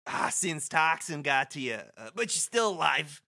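A man reading the part of a laid-back island ball-team coach, chatty and folksy. The tone is bright and forward. The read is casual, a fan reading a script aloud. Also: on the high side, very animated, normal speed, dry recording, studio quality, exaggerated voice. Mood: easygoing. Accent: New York put-on.

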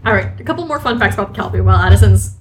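A woman's voice: medium pitch, animated, very fast, noisy background. A woman co-hosting a casual podcast, laughing often as she walks through folklore facts. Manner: giggly, presents folklore facts. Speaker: podcast co-host.

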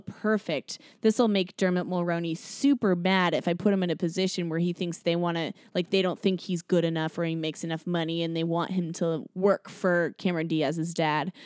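A young woman co-hosting a podcast casually recaps a film, chatty and full of likes and ums, acting out quotes as she goes. Her voice is fairly low with a darkish tone, recorded cleanly in a studio with no echo.

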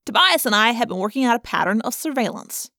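A woman's voice: fairly high pitch, lively intonation, fast, bright, forceful tone. A woman voicing a wisecracking teenage boy in an audiobook, with a joking delivery. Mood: wry. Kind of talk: audiobook character voice.

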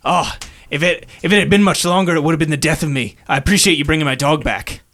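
A man's voice: a little high, quick pace, a bit bright, slight background noise, voice pushed up. A man doing a hearty shepherd. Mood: grateful. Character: grateful male shepherd, hearty and brave.

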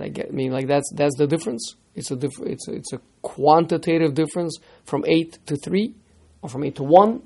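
A man teaching a text study class, lively, firing rhetorical questions at his students and repeating words as he starts sentences. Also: on the high side, brisk, creaky. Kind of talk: interactive text lesson.

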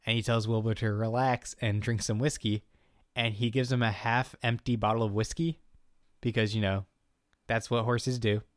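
A man's voice: lowish voice, little pitch movement, normal speed, dry recording. Dry-sounding man, joking recap host. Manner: joking, laid-back storyteller. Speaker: podcast co-host recapping a TV episode. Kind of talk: casual comedic recap chat.

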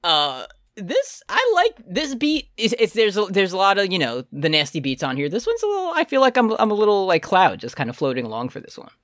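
A man's voice: high-pitched, wildly swooping pitch, a little fast, few pauses, a bit bright, dry recording, clean studio sound. A man co-hosting a podcast in casual chat, joking around and laughing often. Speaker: podcast co-host.

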